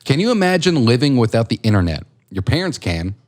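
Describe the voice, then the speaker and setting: A man's voice: medium pitch, big pitch swings, fairly quick. Swearing, rambling podcast co-host man. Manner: rambling, profane, self-deprecating. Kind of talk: casual chat.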